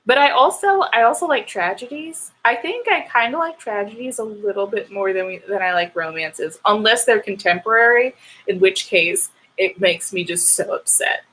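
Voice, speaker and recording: A young woman hosting a writing livestream, chatting casually with viewers and getting animated and ranty. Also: mid-range voice, normal speed, low-quality recording. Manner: animated, ranting. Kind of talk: casual chat with live viewers.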